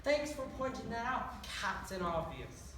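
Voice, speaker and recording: A woman playing a short, hot-tempered male leprechaun with an Irish accent, dry and sarcastic. The voice sits back from the mic in an echoey room, with steady noise behind it. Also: a little high, measured pace, distant mic. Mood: exasperated.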